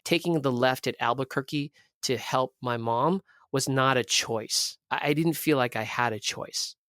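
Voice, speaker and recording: A man's voice: medium pitch, moderate pace, no echo, clean studio sound. A man from Southern California, a podcast guest, telling a personal story candidly and bluntly, with plenty of profanity and acted-out dialogue. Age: 30s. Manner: blunt, profane, animated storyteller who acts out quoted dialogue.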